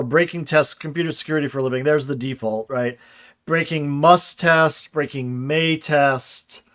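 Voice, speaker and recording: A man's voice: a little high, fairly bright tone. A man giving a casual livestreamed grammar lecture, explaining and answering chat questions, often checking in with "right?".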